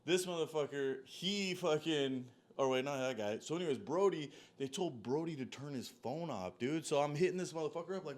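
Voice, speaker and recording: A man with a slightly high voice talks briskly, barely pausing, as he tells a long story. It's a loose, profane, rambling monologue packed with "like" and "dude," and he animatedly jumps from one tangent to the next.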